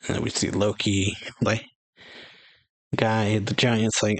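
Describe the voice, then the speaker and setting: Low-voiced man reading a manga aloud. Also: flat delivery, a bit bright, no room sound, rough recording. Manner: halting, with many fillers and restarts. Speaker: anime reaction host.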